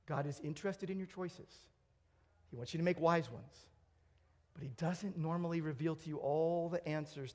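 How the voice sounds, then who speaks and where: A pastor delivers an earnest sermon in a notably high-pitched male voice. He moves between emphatic, raised declarations and hushed, low asides to his congregation.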